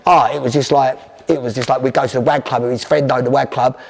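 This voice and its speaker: Rapid-fire man, guest spinning anecdotes with restarts, in a reverberant space. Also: mid-range voice, steady tone, gravelly. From South London. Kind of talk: storytelling interview. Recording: long hall reverb.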